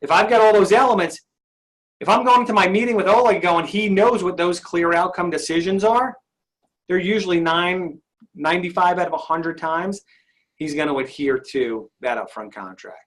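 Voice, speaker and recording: A man's voice: sits high, normal speed. A male sales trainer leading an interactive session, upbeat and often asking his audience questions.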